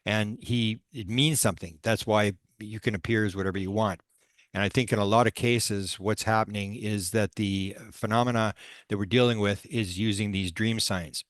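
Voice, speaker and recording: A man with a low voice who presents as a paranormal researcher and tells long stories. He talks haltingly, full of fillers and restarts. The sound is dry and close. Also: fairly even intonation, dry recording. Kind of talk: storytelling presentation.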